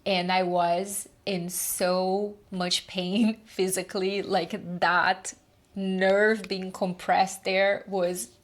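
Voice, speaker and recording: Woman vlogger, slow reflective voice-over, earnest and unhurried. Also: mid-range voice, flat delivery. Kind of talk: reflective life-update narration.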